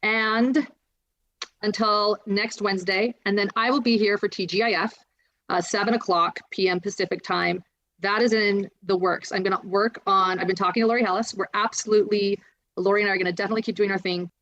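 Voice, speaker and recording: A woman's voice: mid-range voice, steady tone, a little fast, fairly bright tone. A woman hosting a livestream, chatting in a rambling way about home and upcoming shows. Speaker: livestream host. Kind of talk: casual livestream chat. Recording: dull lo-fi stream audio.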